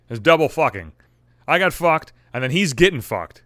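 A man telling a personal story to camera in a profane, animated way, acting out his own thoughts. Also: on the high side, moderate pace, dry recording, clean studio sound. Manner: animated, swearing, acts out his own inner voice. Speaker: vlogger.

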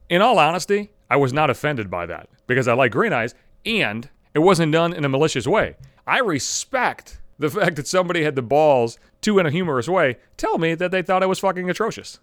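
A man's voice: medium pitch, lively intonation, fast talker, a bit bright, dry recording, clean studio sound. A man hosting his own podcast, ranting in a casual comedic monologue, profane and self-mocking. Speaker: podcast host.

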